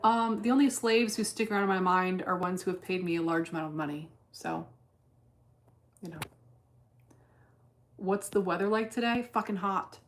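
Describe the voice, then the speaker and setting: A woman's voice: medium pitch, a bit bright. A woman streaming her day trading in casual chat, blunt and cursing freely as she thinks aloud. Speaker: livestreamer trading stocks.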